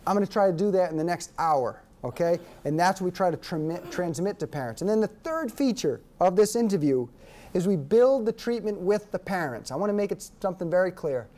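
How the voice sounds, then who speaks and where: Speaking a little fast in a high-pitched voice, a man delivers a workshop lecture to an audience, telling stories animatedly and repeating key points to stress them.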